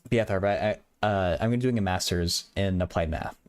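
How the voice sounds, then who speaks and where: Low-voiced and fairly quick, a young adult man hosts a livestream from a small apartment bedroom, chatting casually with viewers. He stutters and repeats words, and the tone is clean with no echo.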